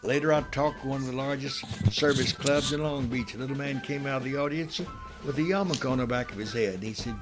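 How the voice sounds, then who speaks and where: A man's voice: medium pitch, a little fast. A man in his nineties telling stories with emphatic, theatrical flair in a recorded patriotic speech and recitation. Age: 90s. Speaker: guest speaker. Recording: music playing behind the voice. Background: music.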